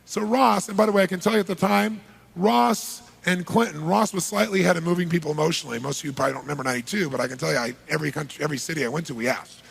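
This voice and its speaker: A man giving a live seminar talk to a large audience, energetic and punchy, polling the crowd with quick questions. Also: fairly high pitch. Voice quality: gravelly, husky. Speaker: seminar speaker.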